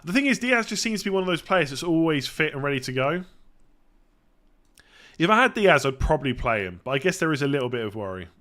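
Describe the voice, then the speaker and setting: Bright-voiced chatty man. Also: fairly high pitch, sing-song, quick pace. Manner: chatty, self-correcting, clears throat often. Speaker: fantasy football streamer. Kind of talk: casual live-stream Q&A.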